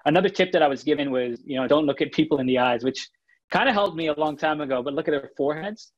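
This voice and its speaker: A man co-hosting a casual podcast chat, talking in an animated way and often restarting his phrases. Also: fairly high pitch, fast, muffled recording. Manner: animated, restarts phrases, reads listener comments. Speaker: podcast co-host.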